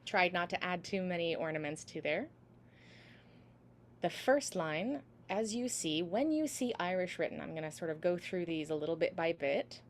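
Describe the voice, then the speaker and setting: A woman's voice: on the low side, animated, normal speed, a little hiss or hum. A woman teaching a singing class over a video call, patiently sounding out each syllable for her students. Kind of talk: online class instruction.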